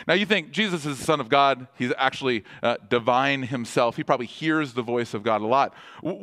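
Man preaching a sermon. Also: mid-range voice. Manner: prays softly, then preaches with rising emphasis. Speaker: pastor.

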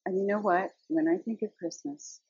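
A woman's voice: medium pitch, normal speed, creaky, a little mellow, slightly rough, dry recording, dull audio. An older woman, a grandmother, telling faith stories and teaching from the Bible in a rambling, chatty way full of fillers. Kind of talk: personal faith testimony.

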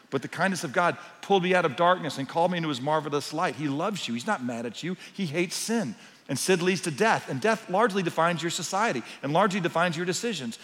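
A pastor preaches to his congregation with a voice pitched somewhat high for a man. He moves from hushed, intimate lines to loud, driving emphasis. His voice rings out with a long reverb tail, as in a large church hall. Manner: dynamic preaching, swinging from soft to loud. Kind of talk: sermon.

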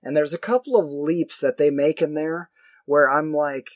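Man, higher voice, dry close sound, rambling movie talk, self-mocking. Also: normal speed, dry recording. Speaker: podcast co-host. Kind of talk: casual movie chat.

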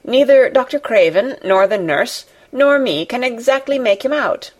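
A woman reading as a fussy, flustered old housekeeper who rambles on, her voice lifted higher than the narration. She is deferential and anxious, piling up explanations for her master in a storybook. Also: animated, moderate pace, lo-fi sound.

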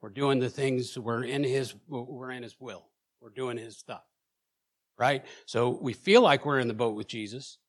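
A man preaching in a church, telling his own story with emotion, at times loud and at times hushed, often repeating words as he presses on. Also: medium pitch, fairly even intonation, a little slow. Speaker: preacher sharing a personal testimony. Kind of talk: sermon testimony.

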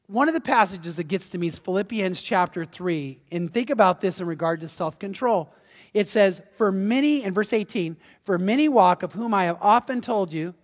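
A male pastor preaching in an animated, conversational way, often restarting his sentences. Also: high voice. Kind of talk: sermon. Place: church sanctuary. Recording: long hall reverb.

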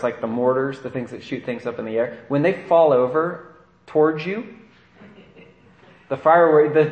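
Priest preaching in an echoey church. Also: male voice, medium pitch, muffled recording. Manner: conversational preaching with frequent "right?" asides. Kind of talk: sermon.

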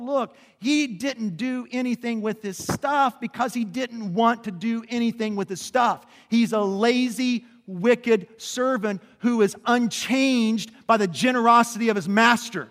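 A man with a strikingly high, bright voice preaches in a sanctuary with a long reverb trailing his words. He is animated, swinging from hushed emphasis to near shouts. He keeps asking the congregation questions and waits for them to answer. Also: a little slow. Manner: asks the congregation questions and calls for responses. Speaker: pastor. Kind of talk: sermon.

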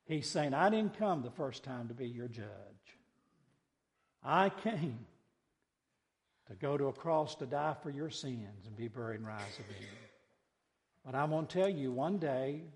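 A pastor preaching a sermon, swinging between quiet conversational asides and loud, emphatic cries. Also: male voice, mid-range voice, animated, a little slow, long pauses, big-room sound.

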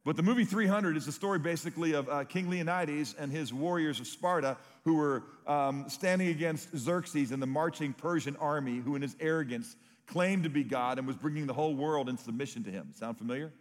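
A man's voice: fairly high pitch, fairly quick, hardly any pauses, in a large hall. A man preaching a sermon, telling stories with rising emphasis. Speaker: pastor.

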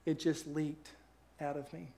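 A man's voice: a little high, flat delivery, measured pace, gravelly, mellow. A middle-aged man, preaching a sermon through personal stories, earnest and conversational with emphatic rises. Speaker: pastor.

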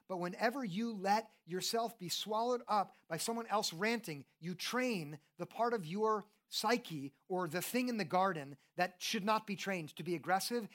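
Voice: mid-range voice, fairly bright tone. Earnest, conversational preacher. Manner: conversational, earnest, asks the congregation questions; often repeats "and, and" when starting a thought. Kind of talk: sermon.

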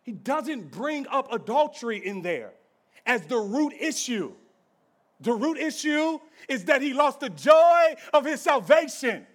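Male pastor, very high voice, fervent sermon, hushed to shouting, rhythmic repeats. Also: sing-song, a little slow. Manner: passionate preaching, swings from hushed to shouting; repetitive rhythmic call-and-response phrasing.

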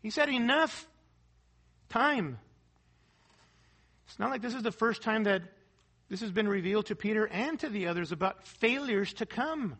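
A man's voice: sits high, expressive, normal speed, pauses often, fairly bright tone. A male pastor preaching a sermon, asking the congregation for amens and posing rhetorical questions as he reads scripture. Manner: preaching with call-and-response "amen" and rhetorical questions; reads scripture and quotes aloud, sometimes half-singing a hymn.

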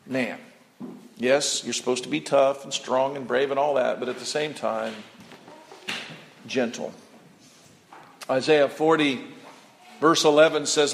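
A man's voice: mid-range voice, measured pace, pauses often. A man preaching a sermon as pastor, talking in a folksy, conversational way and calling for responses from the congregation. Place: church sanctuary. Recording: long reverb of a church hall.

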